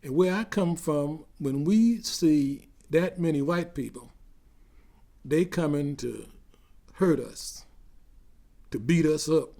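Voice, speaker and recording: A man's voice: a little high, slow pace, creaky, long pauses, warm tone. A man voicing a startled young man from the South who stutters and repeats words. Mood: earnest.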